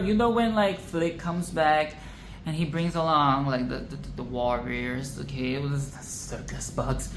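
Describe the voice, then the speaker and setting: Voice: medium pitch, unhurried. A vlogger ranting about a film in casual commentary, swearing, exasperated and repeating phrases for emphasis. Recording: echoey room with faint background noise.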